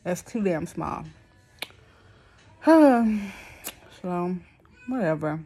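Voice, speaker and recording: A woman's voice: lowish voice, unhurried, faint music behind. Woman lisping through a dental expander. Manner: frustrated, blunt, slangy. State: speech thick and lisping from a new palatal expander. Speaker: vlogger. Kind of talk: casual venting to camera.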